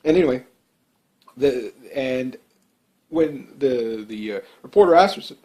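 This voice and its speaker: A man's voice: mid-range voice, lively intonation, a little slow, darkish tone. A man giving off-the-cuff political commentary, blunt and emphatic, rambling with many fillers and restarts.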